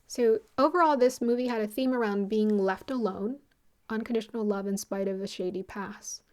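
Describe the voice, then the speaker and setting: A woman talking casually as the host of her own channel, retelling a story in a loose, rambling way. She jumps into short quoted lines as she goes. Her voice sits at an ordinary middle pitch. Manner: rambling, animated retelling with quick quoted asides. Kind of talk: casual spoken film retelling.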